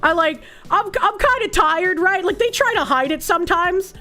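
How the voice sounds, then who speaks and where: Woman, news commentator, high pitched, blunt, sarcastic, profane, faint music underneath. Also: lively intonation, normal speed, pushed and bright. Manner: laughs often. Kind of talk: casual opinionated commentary.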